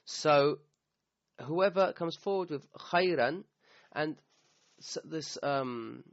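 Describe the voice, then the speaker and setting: A Quran teacher gives a recorded grammar lesson in a medium-pitched voice with vocal fry. He explains each point in turn, quotes Arabic verses, and keeps checking in with "okay?" The audio is somewhat dull and dry, with no room sound.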